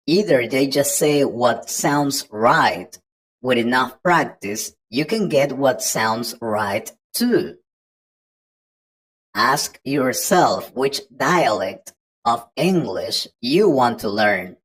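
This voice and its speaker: Woman English tutor, very low voice, slow and patient, walks learners through each point. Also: expressive, slightly rough, rough recording. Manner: patient, explains step by step to the learner. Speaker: English teacher. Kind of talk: online pronunciation lesson.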